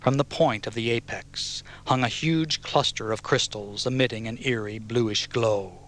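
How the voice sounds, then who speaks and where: A man's voice: medium pitch, a little slow, a bit bright. A man narrating a dramatic audiobook story.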